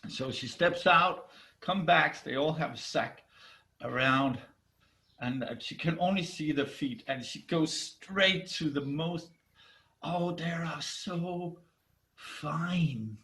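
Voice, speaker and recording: Animated male storyteller, bright and slow, halting restarts, video call. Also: fairly high pitch, creaky, rough recording. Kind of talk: myth storytelling.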